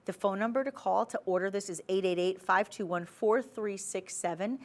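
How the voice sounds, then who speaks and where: Woman, shopping channel host, persuasive sales pitch, chatty, talks to viewers. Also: normal speed.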